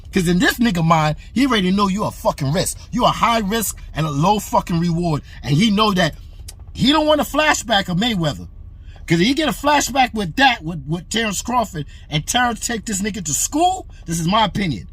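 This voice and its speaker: A man's voice: high-pitched, fairly bright tone, breathy edge. A man hosting a boxing commentary channel, delivering a heated, profane opinion rant to camera. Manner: heated, aggressive, repetitive and profane.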